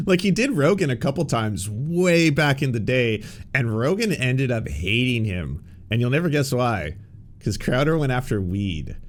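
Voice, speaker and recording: A man hosting a political commentary podcast, sarcastic and profane, rambling with restarts. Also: mid-range voice. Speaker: podcast host.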